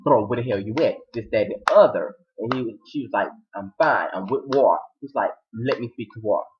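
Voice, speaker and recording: A man giving an animated recap of a TV episode, acting out the characters' lines with sudden high-pitched outbursts. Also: a little fast, highs cut off, a little hiss or hum. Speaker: TV episode reviewer.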